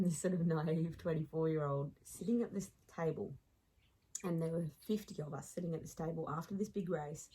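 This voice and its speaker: An Australian woman in her late thirties tells a story in a podcast interview, animated and quick to laugh. Her voice sits low and carries a husky, breathy edge. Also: poor audio. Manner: lively anecdotal storyteller who laughs as she talks. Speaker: podcast guest.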